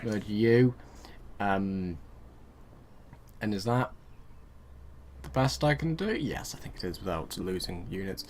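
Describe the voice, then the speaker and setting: A man's voice: on the low side, lively intonation, slow, long pauses, a little hiss or hum. Rambling young man narrating his gameplay. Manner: rambling, talks to his game units, muttering asides. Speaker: gaming video host. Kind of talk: casual let's-play commentary.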